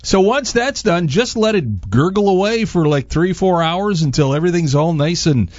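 A man's voice: high-pitched, expressive, moderate pace, a little mellow, no echo, muffled recording. A man chatting casually through a cooking segment as a radio host and chef, rambling with plenty of fillers. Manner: rambling, easygoing, lots of fillers.

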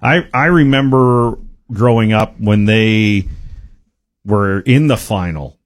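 Low voiced co-host guy, dry jokes, reminiscing about old teams. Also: slow pace. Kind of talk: casual sports chat.

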